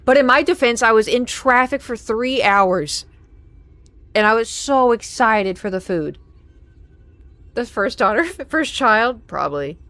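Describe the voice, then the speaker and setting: Streaming a game, a young woman with a fairly high-pitched voice chats and tells stories, energetically acting out the lines she quotes. She speaks a little slowly with long pauses, and the recording is dry.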